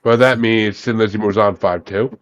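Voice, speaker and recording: Low-voiced guy hosting a podcast, cussing a bunch, kinda muffled online call sound. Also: fairly even intonation, normal speed, no room sound. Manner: swears freely, calls on each guest in turn. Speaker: podcast host. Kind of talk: casual bracket chat with guests.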